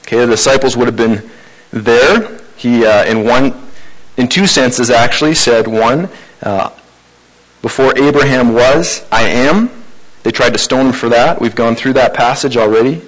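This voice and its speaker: A man's voice: mid-range voice, measured pace, rough recording. Conversational male pastor. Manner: conversational, informal preaching with fillers. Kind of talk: sermon.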